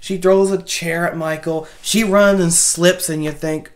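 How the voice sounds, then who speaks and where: A woman with a fairly low voice talks through a horror movie's plot in a loose, chatty way. She restarts her sentences, corrects herself and adds side comments as she goes. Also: fairly even intonation, measured pace, hardly any pauses. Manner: rambling, chatty, many restarts and fillers. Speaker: movie reviewer. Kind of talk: casual spoken movie recap.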